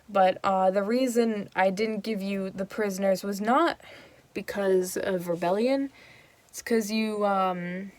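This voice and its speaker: A woman's voice: medium pitch, darkish tone, dry recording, close to an everyday voice. A woman voicing a brash, hotheaded young nobleman who talks bluntly and petulantly, in a comic retelling.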